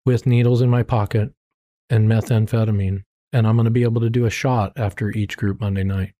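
A middle-aged man with a fairly low, mellow, steady voice speaks briskly as an interview guest sharing his testimony. Candid and heartfelt, he tells his life story with plain faith, rambling, restarting and quoting himself earnestly.

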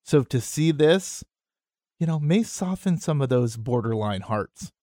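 A man co-hosting a talk radio show, conversational and wry, often chuckling. His mid-pitched voice is recorded dry and close on a studio mic. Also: expressive, unhurried, mellow, no echo. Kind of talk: casual political talk radio chat.

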